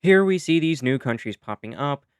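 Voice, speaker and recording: A man's voice: on the high side, animated, moderate pace, smooth, no echo, studio quality. A man narrating a map simulation video in a chatty, explanatory way, with casual asides and self-corrections. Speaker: YouTube narrator.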